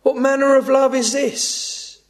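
A man preaching an evening sermon, earnest and measured, often falling to a hushed, pleading tone. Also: very high voice, little pitch movement.

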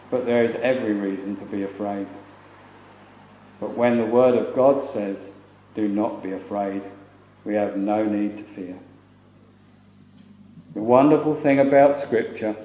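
A man preaches a slow, solemn sermon and leans into scripture in archaic phrasing. His voice sits in a middle register. It was recorded in an echoey church on dull, lo-fi old tape. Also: mid-range voice. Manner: solemn, measured preaching with King James quotations.

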